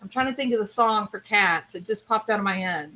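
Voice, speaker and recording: A woman's voice: mid-range voice, fairly quick, bright, forceful tone. A woman streamer casually chatting with her viewers, rambling and thinking aloud with enthusiasm. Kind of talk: casual chat.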